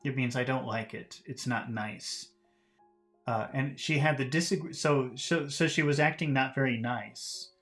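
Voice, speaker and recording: Male English teacher, mid-range voice, reading a novel aloud and patiently paraphrasing its vocabulary; soft guitar music in the background. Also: mid-range voice, unhurried. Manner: patient, paraphrases words in plain terms.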